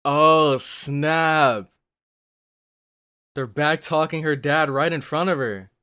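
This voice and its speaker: A reaction channel host giving casual live commentary on an anime, with excitable gasps and exclamatory outbursts. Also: medium pitch, takes it slowly, clean tone.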